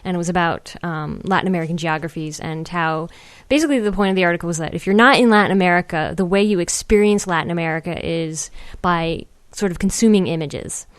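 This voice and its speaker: A woman's voice: lowish voice, fast, few pauses, clean tone, no room sound. A young woman co-hosting a casual podcast, chatty and giggly with lots of fillers. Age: young adult. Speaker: podcast co-host.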